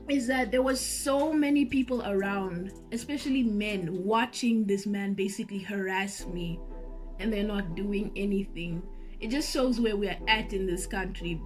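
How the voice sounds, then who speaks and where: A woman telling a story to her viewers in a lively, animated vlog, speaking straight to the audience. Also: on the high side. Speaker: vlogger and singer.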